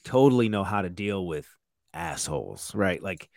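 A man's voice: sits low, very animated, normal speed, creaky, a little mellow, no room sound, clean studio sound. A man in his thirties, a chef, telling stories in a loose, casual way with lots of "like" and "you know" and some swearing. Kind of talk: casual storytelling chat.

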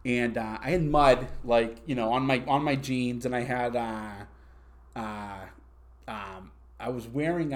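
A young man tells a long story in loose, rambling bursts, laughing at himself as he goes. His pitch sits right in the middle for a man, and the talk is casual and full of fillers. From Massachusetts. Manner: rambling, laughing, self-mocking.

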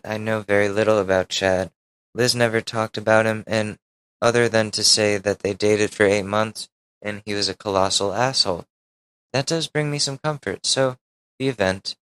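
A man's voice: fairly low pitch, steady tone, moderate pace, a bit bright, clear, resonant tone, rough recording. A man, a podcast host, reading a Reddit post aloud and breaking in with wry asides and casual swearing.

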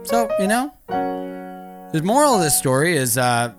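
A man's voice: a little high, big pitch swings, measured pace, loud music behind the voice. A man telling a stand-up comedy story, rambling and profane, often laughing through his lines.

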